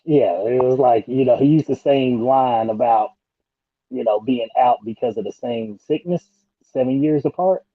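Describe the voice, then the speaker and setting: A man co-hosting a casual podcast, talking slowly and padding with "you know.". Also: mid-range voice, no room sound, muffled recording. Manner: slow, says "you know" often. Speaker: podcast co-host. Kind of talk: casual chat.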